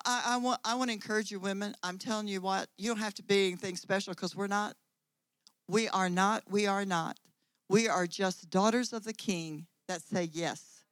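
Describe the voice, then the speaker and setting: A woman's voice: medium pitch, fairly bright tone, no echo, poor audio. Emphatic woman preaching to women. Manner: emphatic preaching with repeated phrases and swelling volume. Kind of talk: sermon.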